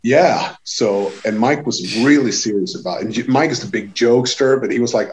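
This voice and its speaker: A man from Sweden telling a tour story in casual chat, animated and swearing, acting out what people said. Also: mid-range voice, normal speed, few pauses, muffled recording. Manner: animated, swearing, acts out quotes with raised voice. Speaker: touring musician telling a story.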